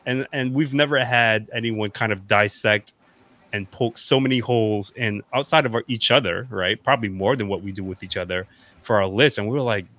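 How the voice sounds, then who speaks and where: A man co-hosting a podcast, telling stories in animated casual chat and filling his speech with "like". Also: on the low side, fairly quick. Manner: animated storyteller, lots of "like". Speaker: podcast co-host.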